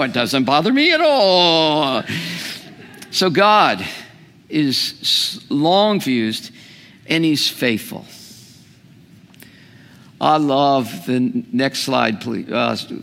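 A man's voice: medium pitch, vocal fry. A man preaching a sermon with humor, often asking his listeners questions. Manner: animated, humorous, asks the audience questions. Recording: long hall reverb.

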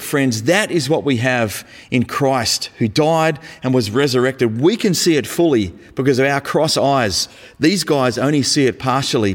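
A man preaching a sermon in a conversational, emphatic way, sometimes dropping casual slang. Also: mid-range voice. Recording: echoey hall.

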